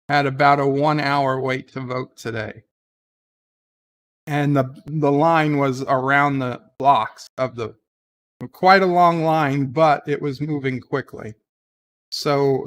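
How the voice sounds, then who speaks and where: A man's voice: fairly high pitch, fairly bright tone, smooth. A man hosting a casual live stream, chatting and rambling as he reads viewer comments aloud. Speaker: live-stream host reading chat.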